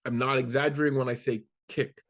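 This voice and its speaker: A man in a relaxed interview spins a long comic story, his voice sitting at an everyday middle pitch. He jumps into the voices of the people he quotes and swears casually as he goes. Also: fast. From Canada. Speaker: guest comedian.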